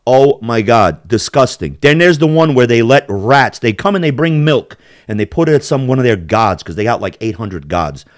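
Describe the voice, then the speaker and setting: Animated, swearing male podcast host. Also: mid-range voice, moderate pace, no room sound, studio quality. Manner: animated storyteller, swears a lot, laughs often. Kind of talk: crude casual chat.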